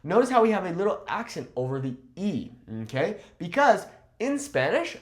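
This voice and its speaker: A man teaching a language lesson, slowly repeating phrases and often checking in with "okay?". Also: on the high side. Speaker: Spanish teacher. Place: Mexico.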